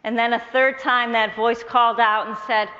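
A woman's voice: on the high side, little pitch movement, sharp tone, lo-fi sound. Earnest woman telling her testimony in a hall. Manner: earnest, measured storyteller who quotes others in her tale. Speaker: speaker sharing a personal faith testimony. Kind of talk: personal testimony storytelling to an audience.

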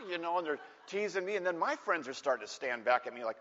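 A man preaching a sermon through a personal story, animated and acting out the voices of the people in it, in a large church hall. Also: on the high side, quick pace. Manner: animated, acts out voices in stories. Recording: dull echoey hall recording.

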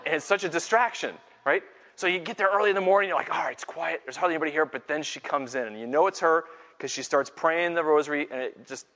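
Animated man preaching in an echoing hall. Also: on the high side, fast. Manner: animated, self-mocking storytelling that builds to loud exclamations. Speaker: Catholic speaker and Scripture teacher. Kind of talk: live faith talk with storytelling. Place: large hall with a live audience. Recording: dull lo-fi sound with long hall reverb.

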